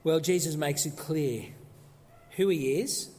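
A man preaching a sermon emphatically, posing rhetorical questions and dropping low for solemn points, recorded in a church. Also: takes it slowly, mellow. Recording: long echoey hall reverb.

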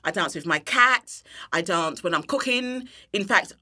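A woman with a low voice and a bright, forceful edge to it. She chats loosely in an interview, full of "um" and "you know". She breaks into laughter now and then. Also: unhurried. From England. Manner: expressive, bursts of laughter, many fillers. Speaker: interview guest, cooking teacher. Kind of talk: casual chat.

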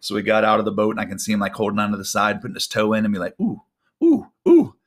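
Low-voiced man preaching with drawn-out emphasis. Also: completely flat delivery, a bit bright. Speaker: pastor. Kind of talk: sermon.

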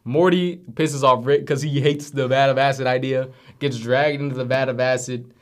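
A man's voice: medium pitch, moderate pace. A man co-hosting a laid-back podcast, recounting episode plots with lots of slang and "you know"s. His voice sits in an ordinary middle register. He talks like he's telling a friend a story. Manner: animated storyteller, heavy slang and fillers. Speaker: podcast co-host. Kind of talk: casual chat, retelling cartoon plots.

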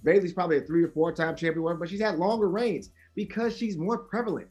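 A man's voice: high-pitched, fast talker, a little mellow, faint music behind. A man arguing his side in a heated wrestling debate on a podcast, emphatic and insistent, repeating his points.

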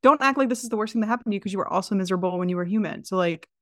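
Young woman, casual chat, wry jokes, dry close sound, mid pitch. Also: racing, no room sound. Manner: wry, joking listener asking questions. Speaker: podcast co-host.

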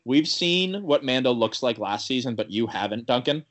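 Medium-pitched and moderately paced, this young podcast co-host rambles through a recap of a TV episode in casual chat. He leans heavily on "like," restarts his sentences, and animatedly quotes what the characters said.

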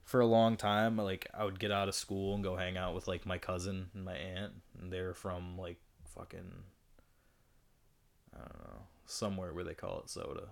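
A man's voice: low voice, little pitch movement, normal speed, creaky. A young man from Michigan, a podcast guest rambling in casual chat with a lot of profanity and jokes. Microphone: studio podcast mic.

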